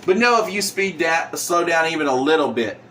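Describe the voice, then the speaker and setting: A taunting, cackling male villain, voiced by a man telling the story. He sounds slightly raised in pitch and menacing in his glee. Heard from a little way off the mic. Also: animated, a little fast, fairly bright tone, recorded from a distance, a little hiss or hum.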